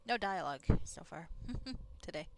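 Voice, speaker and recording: A woman's voice: lowish voice, animated, normal speed. A woman streaming a game, chatting casually and rambling with frequent laughs. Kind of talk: casual gameplay commentary. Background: game music.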